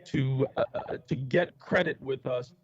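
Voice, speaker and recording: A man joining by remote call as a guest, making an earnest pitch for his business. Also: a little slow, slightly rough, highs cut off.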